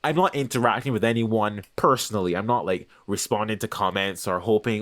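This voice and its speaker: A man's voice: fairly low pitch, brisk, a bit bright. A man hosting his own channel, talking in a casual, unscripted monologue that rambles, searches for words and restarts often. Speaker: channel host.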